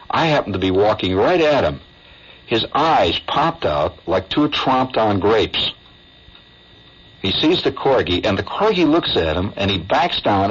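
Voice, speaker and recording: A man's voice: lowish voice, husky. A man telling a rambling, wry comic story as a radio host. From United States. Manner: rambling, conversational, wry, full of asides. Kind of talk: improvised comic storytelling monologue. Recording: dull lo-fi 1970s AM radio aircheck.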